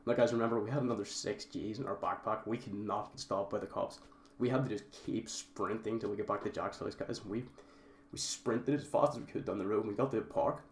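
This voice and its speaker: Young man, casual storytime vlog, rambling, fairly low voice, roomy echo. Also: fairly even intonation, brisk. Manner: rambling, keeps addressing viewers as guys. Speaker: vlogger. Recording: roomy echo, faint background noise.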